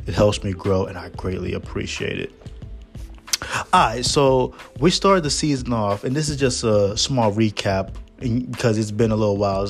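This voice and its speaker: A man hosting a casual podcast review, joking and slangy, with a lot of profanity. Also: fairly low pitch. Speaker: podcast host.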